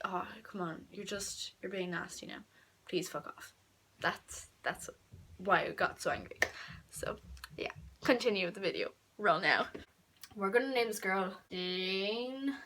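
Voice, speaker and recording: A teenage girl telling a story in a casual vlog, chatty and full of fillers, dropping to whispers and then bursting out loud. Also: mid-range voice, far from the mic. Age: teens. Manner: chatty, filler-heavy, swings between whispered asides and loud outbursts. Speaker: vlogger.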